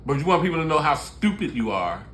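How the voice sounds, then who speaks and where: A Baltimore musician and show host in his sixties tells candid, joking stories and laughs often in casual conversation. He talks fast, with a fairly bright, high-leaning voice and big pitch swings, over a little hiss or hum.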